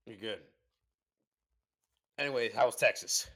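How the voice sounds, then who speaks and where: A young man, a college football player, chatting casually in a relaxed way, with halting restarts and casual swearing. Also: medium pitch. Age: young adult. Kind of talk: casual chat.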